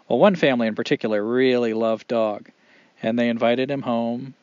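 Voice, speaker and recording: A man telling a folk tale in an animated, expressive way with dramatic pauses. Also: medium pitch, no echo, dull audio. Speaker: storyteller. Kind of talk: oral storytelling.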